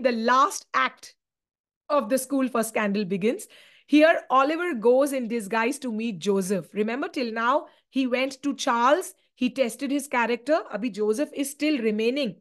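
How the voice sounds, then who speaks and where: A woman teacher with an Indian English accent retelling a play in an animated exam-prep lecture, dropping in Hindi asides. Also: on the high side, measured pace. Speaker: literature teacher.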